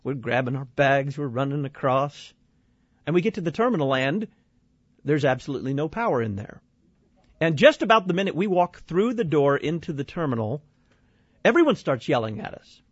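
A man from Illinois telling an animated, exasperated personal story, slipping into other people's voices as he goes. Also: a little high, normal speed, slightly rough, dry recording. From Illinois, USA. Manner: lively, exasperated, acts out quoted voices. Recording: dull dry studio sound.

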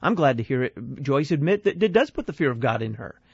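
A man's voice: medium pitch, very animated, fairly quick, vocal fry, breathy edge, dry recording, dull audio. A male radio host giving analytical commentary, posing questions and answering them himself.

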